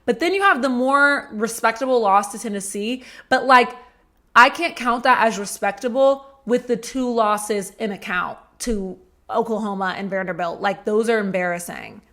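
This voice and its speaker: A woman's voice: on the high side, normal speed, sharp tone. A woman hosting a solo sports podcast, giving sassy, blunt commentary with casual swearing and mocking asides. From Georgia fan. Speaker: podcast host.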